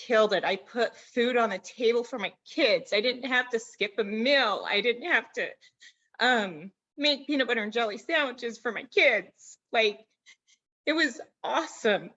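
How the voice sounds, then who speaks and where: A woman telling an emotional personal story on a video call, halting and restarting as she holds back tears. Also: on the high side, bright, forceful tone. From Arizona. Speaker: network marketing distributor sharing a story. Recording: dull lo-fi video call audio.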